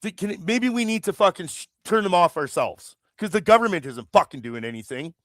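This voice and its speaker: Fairly quick and lively, a high, fairly bright male voice rants about politics on his livestream. He's from Canada, swears heavily, rambles and restarts, all recorded dry at studio quality.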